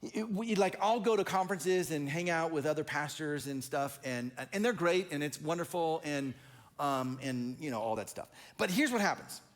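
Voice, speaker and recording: Male pastor, conversational sermon, animated storytelling, slightly high voice, very lively pitch. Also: moderate pace. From Oregon.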